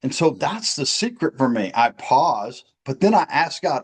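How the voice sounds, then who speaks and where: A man's voice: mid-range voice, very animated, normal speed, hardly any pauses, husky. A man co-hosting a recovery podcast, talking in an earnest, emphatic, preacherly way. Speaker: podcast co-host.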